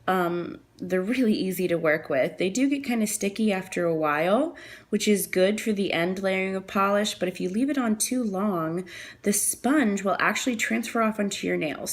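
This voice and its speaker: Woman host of a nail art tutorial, low and gravelly, casual and chatty, recorded on the camera mic. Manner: chatty, apologetic, thinking aloud with fillers.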